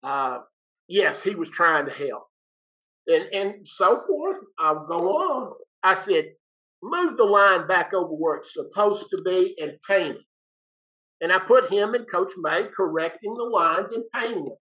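A man's voice: high voice, expressive, measured pace. An older man, a retired teacher, telling a story in a folksy, plain-spoken way and acting out both sides of each exchange. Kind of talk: casual storytelling. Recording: dull lo-fi recording.

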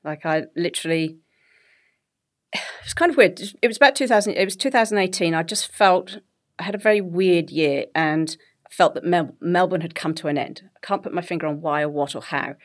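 A middle-aged woman with an English accent talks as an interview guest, her voice sitting a little low. She tells her stories in an animated, conversational way and laughs easily. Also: a little fast. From England. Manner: animated storytelling, laughs often.

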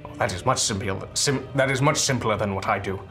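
A man's voice: fairly low pitch, a little fast, over music, close to an everyday voice. A man in character as a humble, nervous male envoy, stammering and apologizing with many restarts. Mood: flustered. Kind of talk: tabletop role-play in character.

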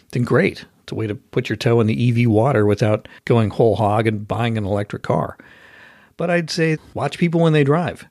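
Husky man chatting on his podcast. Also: mid-range voice, no echo, studio quality. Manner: chatty, storytelling, animated when annoyed. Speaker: podcast host. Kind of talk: casual solo podcast talk.

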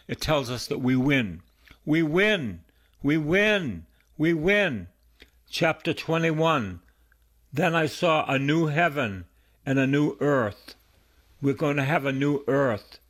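Slow, earnest priest preaching. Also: male voice, medium pitch. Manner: earnest, repeats key phrases for emphasis. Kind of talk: Bible reading and sermon.

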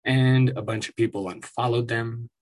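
Man, husky voice, angry profane rant, sarcastic mocking asides, commentary. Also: medium pitch, steady tone, normal speed. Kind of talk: ranting commentary.

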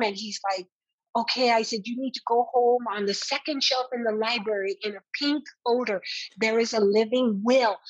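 A woman in her fifties recounts a dramatic personal story, her voice pitched a little high and slightly husky. She talks close and dry, with no room around her, and jumps up in pitch when she quotes herself. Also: no echo, lo-fi sound. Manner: earnest, animated retelling with quoted dialogue. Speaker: interview guest.

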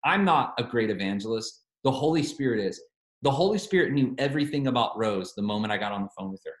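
A man's voice: mid-range voice, expressive, fast, echoey room. A man preaching a sermon, telling a story with animation and quoting both sides of a phone call.

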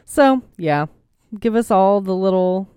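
A woman's voice: mid-range voice, expressive, slow, warm tone, clear, resonant tone, no room sound, clean studio sound. A young woman co-hosting a podcast in casual chat, rambling and playful with lots of fillers. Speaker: podcast co-host. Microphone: desk microphone.

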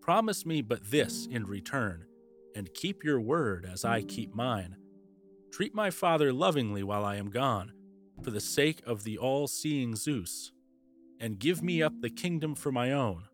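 A man's voice: medium pitch, animated, measured pace, soft background music, close to an everyday voice. A man reading aloud, voicing a bold young male hero in a storybook, speaking up with a raised, eager voice. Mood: resolute.

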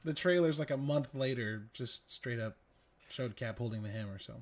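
A man's voice: medium pitch, moderate pace, crowd noise. A man co-hosting a podcast in casual chat, telling stories animatedly and swearing freely. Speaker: podcast co-host.

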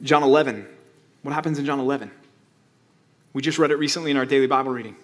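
A man's voice: medium pitch, quick pace, a bit bright. A man preaching a sermon as pastor, conversational, asking rhetorical questions and acting out quotes.

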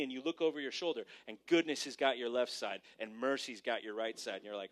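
A male pastor delivering a sermon to a congregation, preaching animatedly and swinging between hushed and emphatic delivery. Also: medium pitch, fast talker, few pauses. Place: church service before a congregation.

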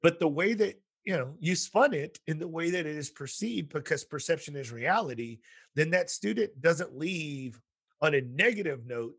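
Here a man with a fairly high, gravelly, husky voice speaks at a moderate pace. He's a school counselor hosting a podcast, trading casual talk with a guest and spinning lively stories where he acts out the quoted lines.

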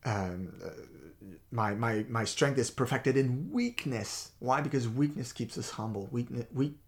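A man co-hosting a faith talk show, speaking in an animated, emphatic way and often restarting words as he tells personal stories. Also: mid-range voice, a little slow.

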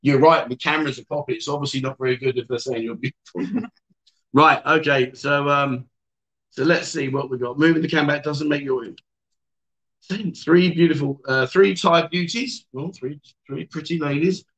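Brief: male livestream host, playful banter, reads comments, higher pitch. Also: fairly even intonation, normal speed, fairly bright tone, low-quality recording. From England. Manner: teasing, joking banter with guests. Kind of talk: casual livestream chat reading viewer comments.

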